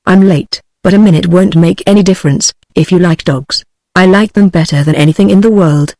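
A synthetic British-accented woman's voice reading the lines of a nervous, tipsy young man who rambles about his dog, in a flat tone. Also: fairly low pitch, a little fast, no echo, clean studio sound, lightly acted. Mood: rambling. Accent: British English.

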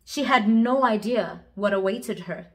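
A woman's voice: mid-range voice, a little slow, fairly bright tone. A young woman telling a story in a dramatic vlog style, switching languages as she goes. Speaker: vlogger.

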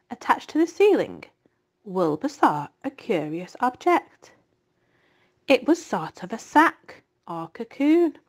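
A woman teacher reading a children's book aloud to her class in a slow, clear voice. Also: medium pitch.

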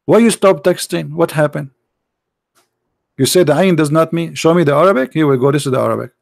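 Man, non-native English speaker, taunting debate host, slightly high pitch, dead dry close recording. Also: a little fast, gravelly, no room sound. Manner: mocking, sarcastic, repeats "brother" often. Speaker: host of a call-in religious debate show. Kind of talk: heated live debate with callers.

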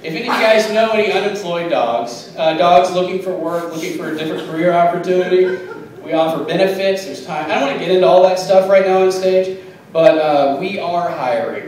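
A man doing a silly, pun-filled stand-up set in a small bar, deadpan and giggling at his own jokes. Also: high voice, a little fast. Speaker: stand-up comic. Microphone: phone camera. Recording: echoey bar, phone from far off, crowd.

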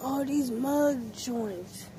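A slow, unhurried woman mutters her way through a store, slangy and a little breathless from her mask. Her voice sits a touch high. A lot of store noise rides under her phone recording. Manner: slangy, talks to herself while browsing. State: short of breath from a face mask. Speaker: vlogger. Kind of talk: casual shopping vlog. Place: indoors in a discount store. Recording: noisy store background.

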